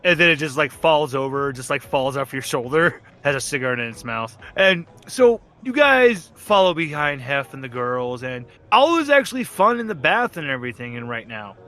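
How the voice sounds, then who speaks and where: Bright-voiced man running a tabletop game. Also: a little high, big pitch swings, moderate pace, few pauses. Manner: rambling, casual, swears, laughs often. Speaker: game master.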